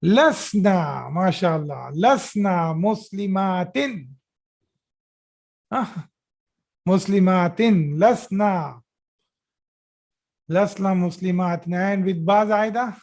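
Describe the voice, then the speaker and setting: Over a live video call, a man leads an Arabic grammar lesson in a high, gravelly, somewhat mellow voice. Each phrase gets a slow repetition, and he offers praise as students respond.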